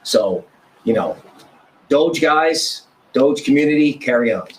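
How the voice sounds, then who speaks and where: A man joining a casual roundtable as a guest. He speaks in short, punchy phrases and states his views firmly, at an ordinary pitch. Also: lively intonation, takes it slowly, rough recording. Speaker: guest panelist.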